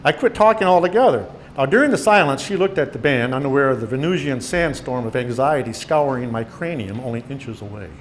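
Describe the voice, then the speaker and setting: A man in his sixties presents his memoir to an audience in a meeting room, reading the stories aloud and voicing the quotes with animation. He talks briskly in a mid-range voice, over a little hiss or hum.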